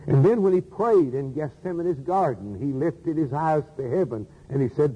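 A man's voice: a little high, animated, normal speed, few pauses, husky, long reverb tail, highs cut off. A man preaching a sermon in an earnest manner, asking rhetorical questions and repeating key phrases.

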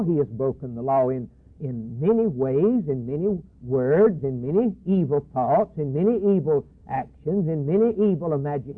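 A man preaching a sermon, acting out the Law as a stern male accuser listing charges. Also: fairly high pitch. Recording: husky tinny phone-like broadcast.

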